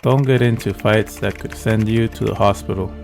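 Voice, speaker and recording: A man delivers comic commentary in a dry, mock-serious tone. His voice sits low with a gravelly fry. Faint music plays underneath. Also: fairly even intonation, moderate pace. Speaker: video host. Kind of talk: comedic commentary.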